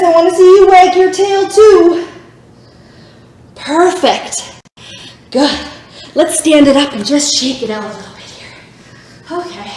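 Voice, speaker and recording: Upbeat female yoga instructor for kids, high voice, very roomy echoey sound. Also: a little mellow, slight background noise. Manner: upbeat, encouraging, makes animal sounds. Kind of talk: guided kids' yoga class. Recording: very echoey room.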